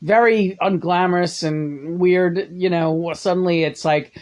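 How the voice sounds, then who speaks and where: A woman's voice: fairly low pitch, fairly even intonation, measured pace, darkish tone, muffled recording. A woman casually ranting about a film, sarcastic and profane, often laughing as she talks. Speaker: movie reviewer. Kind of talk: casual rambling monologue.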